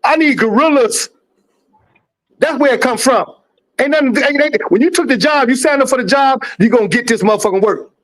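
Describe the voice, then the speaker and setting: A man hosting a livestream sports debate, loud and profane, talking over others and repeating himself. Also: very high-pitched, fairly quick. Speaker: livestream host.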